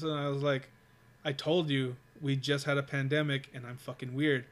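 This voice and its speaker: A man's voice: fairly high pitch, level tone, brisk. Profane rambling man telling a story. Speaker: storyteller in casual chat. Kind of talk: casual chat.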